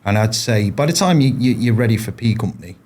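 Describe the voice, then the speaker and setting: A man's voice: on the low side, lively intonation, quick pace, darkish tone. A man, a former paratrooper, telling his stories in a casual interview, rambling with frequent restarts and fillers. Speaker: podcast guest, former paratrooper.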